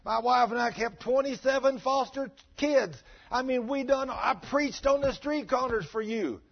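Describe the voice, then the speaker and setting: A man voicing a desperate preacher who pleads before God in a high, strained voice. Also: moderate pace, vocal fry, slightly rough, heavily acted. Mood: pleading. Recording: dull lo-fi sermon recording.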